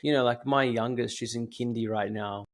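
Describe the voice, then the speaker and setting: A man in his thirties hosting a podcast, telling stories in a rambling, animated way with lots of fillers. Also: mid-range voice, normal speed. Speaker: podcast host. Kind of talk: casual podcast chat.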